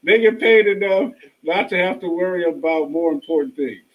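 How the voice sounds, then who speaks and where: A man's voice: high voice, normal speed, very noisy. A man co-hosting a casual sports talk show, playful and giggling often. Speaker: podcast co-host.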